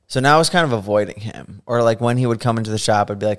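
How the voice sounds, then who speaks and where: A man at a middle, ordinary pitch tells a casual story on a podcast. He talks freely and easily, and his voice lifts and breaks into laughter as the story builds. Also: racing, smooth. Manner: animated, laughing, acts out quotes. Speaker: podcast guest.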